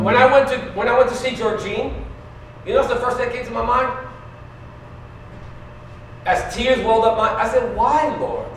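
A man preaching a conversational sermon, going from quiet to loud, asking the congregation questions and laughing often. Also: extremely high pitch, slight background noise. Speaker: pastor. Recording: very echoey room, mic at a distance.

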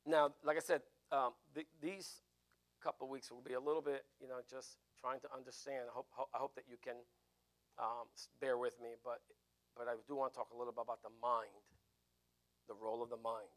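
A man's voice: medium pitch, flat delivery, brisk, a bit bright. A man preaching an informal teaching sermon, conversational, with frequent restarts and "right?" asides. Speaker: pastor teaching a Bible class.

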